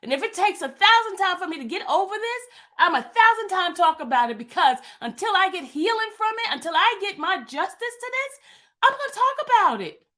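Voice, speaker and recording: Woman in her 50s, super high voice, venting hard, repeats herself a lot. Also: big pitch swings, a little fast, sharp tone. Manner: emphatic, repetitive, venting. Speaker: vlogger. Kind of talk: impassioned monologue.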